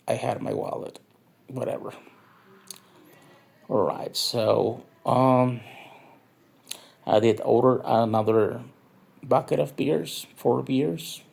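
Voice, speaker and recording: A man's voice: mid-range voice, vocal fry, darkish tone. A tipsy man from northern Mexico, rambling through a profane, filler-heavy nightlife story. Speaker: nightlife vlogger. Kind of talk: rambling drunk review monologue.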